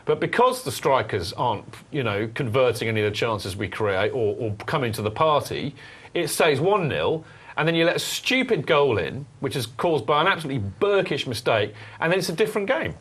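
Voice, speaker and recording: A man's voice: mid-range voice, fairly quick, slightly rough. A man hosting a football fan podcast, chatting and joking with a panel. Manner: animated, jokey, leads the talk. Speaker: podcast host. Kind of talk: casual football chat.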